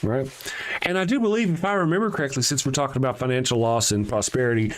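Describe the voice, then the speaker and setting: A man's voice: medium pitch, quick pace. A man hosting a live stream, reading scripture aloud and breaking off into sarcastic, mocking asides. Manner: sarcastic, mocking asides with a lively swooping delivery. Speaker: host.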